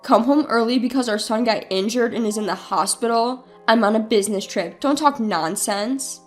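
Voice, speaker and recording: A woman's voice: medium pitch, a little slow, soft background music, pitched below the performer's own voice, natural voice. A woman voicing a cold, dismissive husband who talks in blunt, irritated snaps. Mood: snapping.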